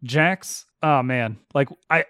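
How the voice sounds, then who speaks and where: Animated American man chatting on a podcast. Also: mid-range voice, slow, clean tone, dry recording, clean studio sound. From United States, mostly Midwest. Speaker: podcast co-host. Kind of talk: casual chat. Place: Texas.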